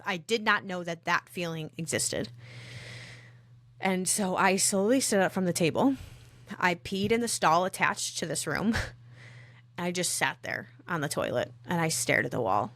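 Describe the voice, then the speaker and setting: A woman telling her own story on a podcast, earnest and reflective, often halting and restarting. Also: on the low side, fairly bright tone, no echo.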